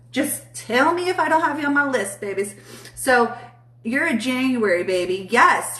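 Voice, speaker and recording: A woman's voice: on the high side, fairly bright tone, far from the mic. A woman hosting a casual live spiritual reading stream, chatty and blunt, swearing freely as she answers chat. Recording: echoey room, voice off mic.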